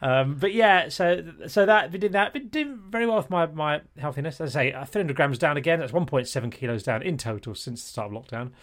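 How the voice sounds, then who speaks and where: A man's voice: fairly high pitch, animated, fairly quick, few pauses, a bit bright. A man co-hosting a podcast in casual chat, talkative and self-mocking, often laughing. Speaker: podcast co-host.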